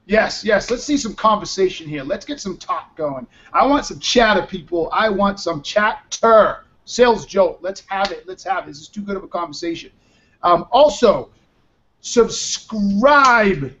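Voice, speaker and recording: A man's voice: high-pitched, expressive, a little slow, fairly bright tone, a little hiss or hum. A man hosting a casual live talk show, exhausted from little sleep, talking in a rambling, blunt way with the odd swear word. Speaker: show host. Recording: muffled lo-fi audio.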